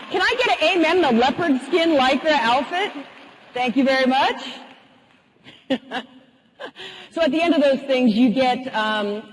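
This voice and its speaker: A woman motivational speaker telling a humorous, animated story in a keynote talk. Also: high voice, slight background noise. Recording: husky voice in a reverberant hall.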